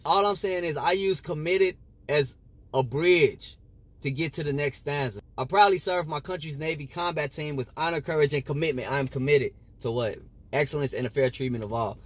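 A man's voice: on the high side, normal speed, dry recording. A young man in a car giving casual study advice in slangy, laid-back street talk. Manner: repeats lines in a chanting loop. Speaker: vlogger giving Navy study tips. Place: in a parked car.

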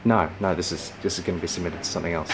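Rushed, apologetic man. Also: sits low, steady tone, noisy background. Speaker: interviewer. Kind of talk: mockumentary interview.

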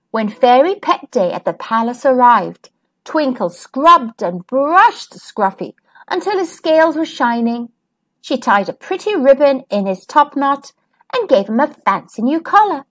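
With a high, animated voice that swings over a wide range, a woman reads a kids' picture book aloud. She is gentle and expressive, pacing herself unhurriedly as a storytime host would.

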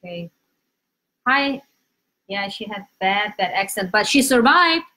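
A woman teaching Korean on a live lesson, animated, switching between Korean and English, with uneven English grammar. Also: medium pitch, measured pace. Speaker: Korean language teacher, host. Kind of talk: live-stream language lesson.

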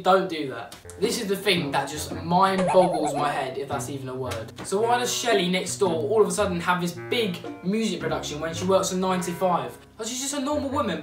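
A vlogger rants to camera in a sarcastic, exasperated and rambling way. The voice sounds distant from the mic in an echoey room, with music playing clearly in the background. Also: medium pitch. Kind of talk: comedic rant to camera.

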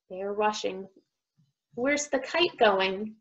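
A woman speech teacher reads a picture book aloud to young children, sounding out words slowly and with exaggeration. Her voice sits on the high side and is a bit bright, and the recording's highs are cut off.

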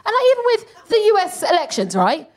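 A young woman performing a stand-up comedy set with lively, animated delivery and free swearing. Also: very high voice, a little fast. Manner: animated, swears freely, acts out mocking voices. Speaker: comedian co-host. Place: live venue with audience.

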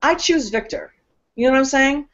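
A woman's voice: sits high, normal speed, fairly bright tone, muffled recording. Woman host in loose, emphatic chat. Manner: emphatic, philosophical, talks in long loose runs. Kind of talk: casual conversational talk.

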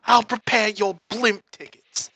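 A woman putting on a gruff male mob boss. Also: mid-range voice, steady tone, a little slow, a bit bright, no room sound. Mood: smug. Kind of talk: let's play voice acting.

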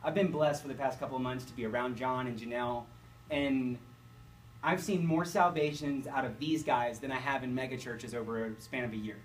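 Male pastor, mid-pitched, enthusiastic and rambling, recorded from a distance. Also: steady tone, a little fast. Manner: rambling, self-correcting, enthusiastic. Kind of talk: casual storytelling to a group. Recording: distant mic, faint background noise.

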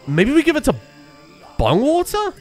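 A man giving excitable, sweary let's play commentary and yelling at the game. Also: very high-pitched, normal speed, faint music behind. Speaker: game streamer.

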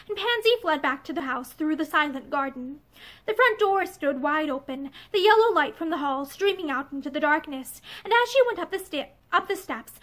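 A woman reading a novel aloud, gentle and expressive, with some passages dropped to a soft whisper. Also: high-pitched. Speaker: audiobook reader. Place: room with bookshelves. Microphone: camera facing her.

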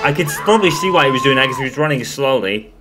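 A man's voice: mid-range voice, lively intonation, very fast, over music. A young man giving live commentary over a co-op zombie game, exasperated and swearing often. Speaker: gaming channel host.

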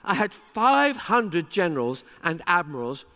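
A man delivering a conference keynote with lively, emphatic energy, his voice sitting high for a man. The sound carries a long reverberant tail from a large hall around him. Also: a little slow. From England. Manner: animated, emphatic, with rising exclamations. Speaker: keynote speaker.

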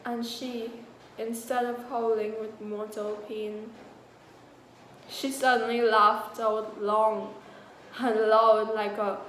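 A woman narrating a short story aloud in a measured, grave manner. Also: on the high side, level tone, fairly bright tone, a little hiss or hum. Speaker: reader. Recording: echoey room with faint ambience.

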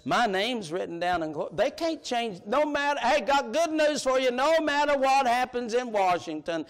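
Male preacher, very high pitch, emphatic, colloquial, shouts at the peaks. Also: lively intonation, normal speed. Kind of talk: sermon. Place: church sanctuary.

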